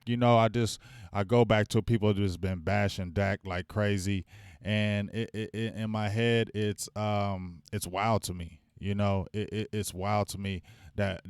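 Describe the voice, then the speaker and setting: A man's voice: fairly low pitch, clean tone, dry recording. Man, hyped fan-stream host, rambling, dry close sound. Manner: hyped, rambling, talks to chat viewers. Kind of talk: casual live-stream sports talk.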